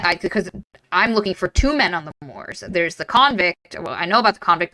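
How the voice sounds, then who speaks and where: A bright-toned woman on a close, dry podcast mic, chatting casually about a book. She retells the story with energy and acts out the characters' lines, swearing as she goes. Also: fairly low pitch, dry recording. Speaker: podcast co-host. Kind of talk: casual book-club chat.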